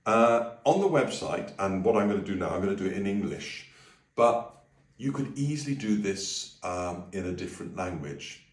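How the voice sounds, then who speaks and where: A man leading a friendly singing and language lesson, breaking into high sung phrases to demonstrate. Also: lively intonation, moderate pace, roomy sound, recorded from a distance. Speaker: music teacher.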